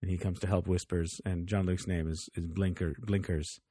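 Low husky-voiced man, chatty and laughing. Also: level tone, moderate pace, mellow, no echo, studio quality. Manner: laughs often, acts out characters' lines. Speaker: podcast co-host. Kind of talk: casual TV review chat.

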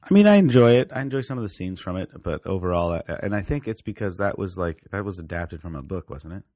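A man with a very low, deep voice talks loosely about movies as a podcast co-host. He rambles and corrects himself mid-sentence. The sound is dry and close, with no room echo. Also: lively intonation, quick pace, mellow. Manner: rambling, self-correcting, with frequent restarts. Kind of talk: casual film chat.

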